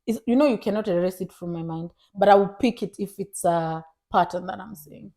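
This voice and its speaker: Animated young woman chatting. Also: mid-range voice, a little fast. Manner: animated, mimics others in raised voice, mixes Swahili into English. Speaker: podcast co-host. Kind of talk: casual chat.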